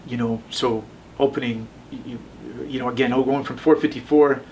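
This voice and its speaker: A man in his thirties telling his own story in a relaxed interview, rambling with many fillers and acting out the voices of the people he quotes. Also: medium pitch, brisk, distant mic, slight background noise, low-quality recording. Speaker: tattoo shop owner telling his story.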